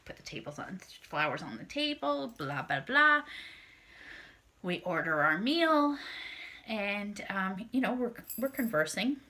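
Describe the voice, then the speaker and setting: Her mid-range voice is sing-song, pushed and bright, at a measured pace. The woman, a vlogger, recounts a dating story to camera in a casual, blunt, heavily profane way, performing her own reactions.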